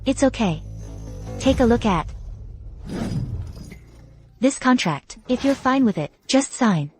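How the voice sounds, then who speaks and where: A woman's voice: a little high, animated, slow, faint music behind. An actress playing a composed, businesslike young female company CEO in a dubbed drama. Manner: composed and matter-of-fact. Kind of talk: dubbed short drama acting.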